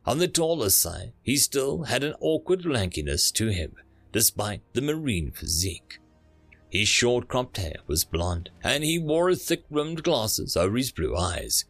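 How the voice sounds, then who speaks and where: A man narrating an audiobook in an expressive reading style. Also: mid-range voice, moderate pace, no echo. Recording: dry close mic with faint music.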